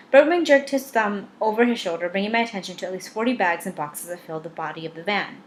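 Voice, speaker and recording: Woman, audiobook reader, first-person narration, wry, mid pitch, faint background hiss. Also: lively intonation, fast talker, hardly any pauses.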